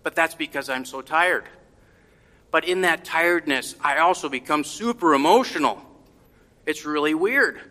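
A middle-aged man telling a reflective personal story to a congregation in a gentle, heartfelt, unhurried way. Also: fairly high pitch, in a large hall.

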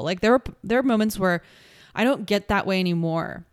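A woman hosting her own podcast, talking through a personal reflection in an earnest, searching way, restarting thoughts and slowing to lean on key words. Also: medium pitch, smooth, dry recording, clean studio sound. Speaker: podcast host. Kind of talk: reflective solo podcast talk.

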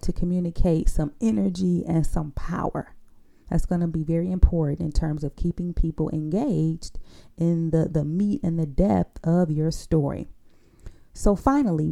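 A woman who coaches public speaking, teaching in a podcast monologue. She repeats key phrases and often checks in with a quick "right?". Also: lowish voice, creaky, dark tone. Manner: coaching, often adds a tag question for agreement.

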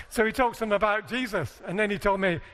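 A man's voice: sits high, fairly bright tone. A British man speaking at a conference seminar, chatty and jokey, asking the audience questions. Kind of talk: conference talk to a live audience. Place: large hall with a live audience. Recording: long hall reverb.

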